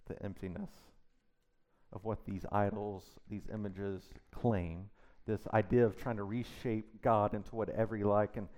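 A man's voice: fairly low pitch, a little mellow. Middle-aged male pastor, conversational sermon, emphatic with rhetorical questions.

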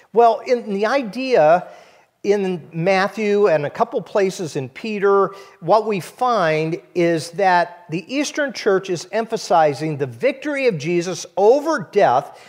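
A pastor delivers a sermon to his congregation. He is a man with a notably high-pitched voice who explains his points in an easy, conversational manner.

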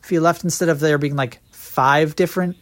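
Casual podcast co-host, man in his thirties, a bit high-pitched, wry and chatty. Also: steady tone, brisk. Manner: joking, talks in long flowing run-on sentences. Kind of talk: casual movie review chat.

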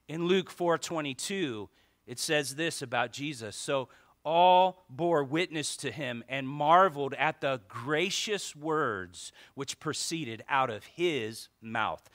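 A male pastor preaching a lively sermon, joking with the congregation and reading scripture aloud. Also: on the high side. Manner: animated preaching with asides and jokes to the congregation.

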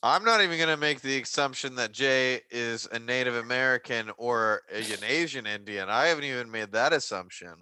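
A man drops wry, deadpan asides in a casual chat. His voice is bright and crisply clear, and it is recorded dry and close with no room sound. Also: medium pitch, normal speed, hardly any pauses, no room sound. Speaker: guest.

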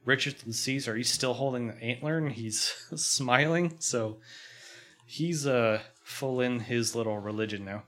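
A man's voice: mid-range voice, measured pace, a bit bright. A man casually recapping a TV episode, laughing often and acting out quotes. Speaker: podcast host.

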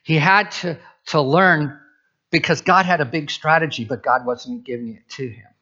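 A man's voice: a little high, normal speed, pushed and bright, dull audio. A man preaching as a pastor, conversational, with asides and restarts. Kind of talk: sermon.

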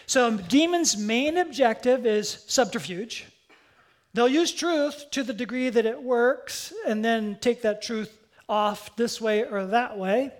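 A pastor delivering a sermon in a relaxed, conversational manner, pitched at a middle level. The talk drifts into asides and self-corrections before returning to the point. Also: slow.

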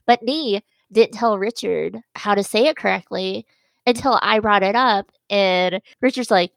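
A woman with a country Missouri accent, co-hosting a casual chat and telling stories in an animated way. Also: mid-range voice, measured pace, vocal fry, no echo. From southern Missouri, United States. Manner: chatty, animated storytelling. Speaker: podcast co-host.

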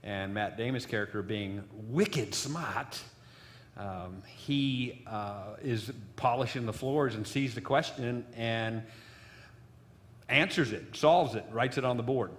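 A man's voice: medium pitch, a little slow, big-room sound. A man giving a sermon, telling a story in a loose, rambling way with many fillers. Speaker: preacher.

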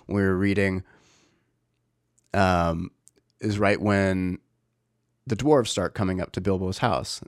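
A man's voice: sits low, fairly even intonation, slow pace, long pauses, no echo, studio quality. A man in his thirties, a father talking in a casual, reflective way, rambling with many fillers and restarts. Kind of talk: casual personal talk.

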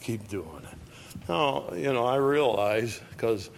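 An older man preaching a sermon. He talks in an easy, conversational way and keeps asking his listeners "all right?" His pitch sits in the middle range and rises with his volume when he reads scripture aloud. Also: expressive, takes it slowly, creaky, a little hiss or hum. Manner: asks the audience "all right?".

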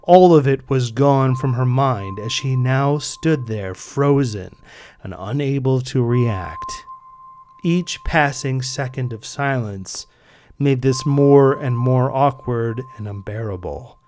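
Man narrating a story with measured delivery. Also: medium pitch, darkish tone, a little hiss or hum. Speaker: author and narrator.

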